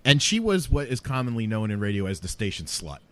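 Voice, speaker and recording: Casting: swearing ex-DJ man, lively pitch, laughs through his story. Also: a little fast. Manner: profane, animated storyteller, laughs often. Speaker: podcast co-host, former radio DJ. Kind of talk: casual storytelling chat.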